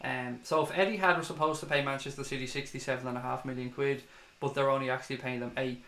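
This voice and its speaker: A man's voice: mid-range voice, steady tone, fast talker, fairly bright tone, echoey room. Ranting Irish man on a livestream. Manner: heated, swearing, ranting. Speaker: fan channel livestream host. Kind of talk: livestream commentary reading comments.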